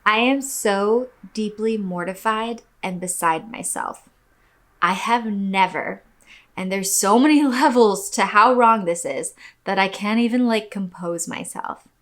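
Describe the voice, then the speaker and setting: A young woman hosting a podcast, reading a listener's story aloud and then telling her own, casual and animated, with plenty of swearing and acted-out quotes. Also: mid-range voice, measured pace. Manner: animated, swearing, expressive quoting.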